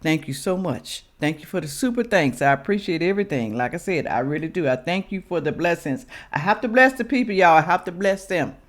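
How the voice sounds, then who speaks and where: Animated sounding woman vlogger. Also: on the low side, fairly quick, few pauses. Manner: preachy and emphatic, addresses viewers as y'all. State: sniffly with sinus trouble, coughing. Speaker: reaction channel host. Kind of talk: casual direct-to-camera commentary.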